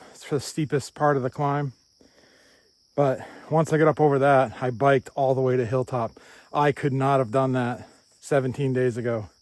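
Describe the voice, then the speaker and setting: A man's voice: medium pitch, dry recording. A man hiking and filming himself on a handheld phone outdoors, upbeat and chatty, repeating himself and laughing often, sometimes out of breath on hills. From New Hampshire, USA. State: out of breath while walking uphill. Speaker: hiking vlogger. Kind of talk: casual outdoor vlog. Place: outdoors on hilly rural roads and hilltops. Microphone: handheld phone camera.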